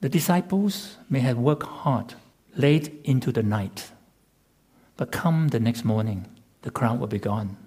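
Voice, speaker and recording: Male preacher, sermon delivery; slow and deliberate, slightly husky, emphatic. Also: medium pitch, mellow. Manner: measured, emphatic, with rhetorical repetition. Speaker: pastor.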